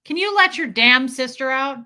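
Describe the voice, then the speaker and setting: Bright, chatty woman streamer. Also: sits high, moderate pace. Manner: animated, chatty storyteller. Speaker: livestream host. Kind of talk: casual chat with viewers.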